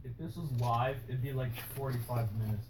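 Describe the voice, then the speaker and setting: A man's voice: mid-range voice, fairly even intonation, fairly quick, a little mellow, low-quality recording. A man making short teasing remarks from off camera.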